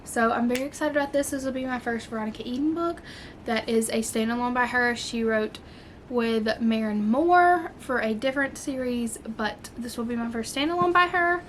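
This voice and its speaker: Excitable, gushing woman with a high voice. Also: moderate pace, a little hiss or hum. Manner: gushing, excitable, many fillers. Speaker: book vlogger. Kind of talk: casual chat.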